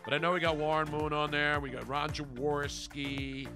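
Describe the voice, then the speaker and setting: A man's voice: fairly high pitch, level tone, moderate pace, over music. A man hosting a sports podcast in casual chat, brash and opinionated with a joking edge. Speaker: sports radio podcast host.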